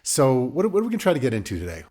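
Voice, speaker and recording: A man's voice: medium pitch, wildly swooping pitch, racing, a little mellow. A man co-hosting a casual parenting podcast, chatty and laughing often as he talks, with some casual swearing. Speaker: podcast co-host. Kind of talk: casual chat.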